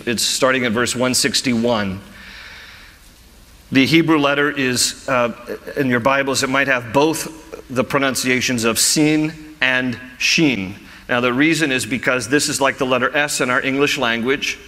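Bright-voiced preaching pastor in a hall. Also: male voice, mid-range voice, fairly even intonation, moderate pace. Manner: teaching verse by verse, with restarts. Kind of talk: sermon.

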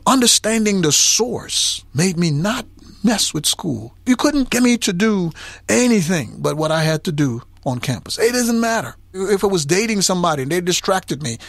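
A man with a high, gravelly, husky voice preaching a sermon. His pitch swings widely as he tells a story and plays out both sides of a conversation. The sound is dry and close. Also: fairly bright tone, dry recording. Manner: storytelling, acts out dialogue, builds to impassioned climax.

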